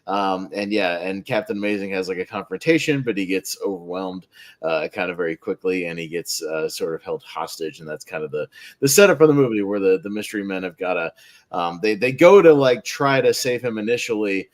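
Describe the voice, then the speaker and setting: A man's voice: deep voice, expressive, brisk. A man on a movie podcast, chatting casually and recapping the plot in a rambling way with frequent laughs. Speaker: podcast panelist.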